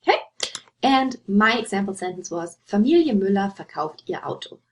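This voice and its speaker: A woman teaching German in a recorded slide lesson, patient and clear, often checking with "okay" and slowing down for the example words. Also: medium pitch, lively intonation, slight background noise. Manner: slows down to pronounce German examples.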